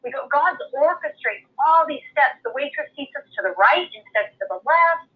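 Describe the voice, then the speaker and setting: A woman earnestly telling a personal faith story in a lively, heartfelt way. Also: high-pitched, normal speed, phone-quality sound. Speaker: guest storyteller. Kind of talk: faith testimony.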